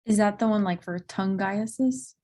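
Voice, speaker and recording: A woman's voice: medium pitch, normal speed, mellow. A young woman, a dermatology resident, answering quiz questions tentatively, with many likes and ums.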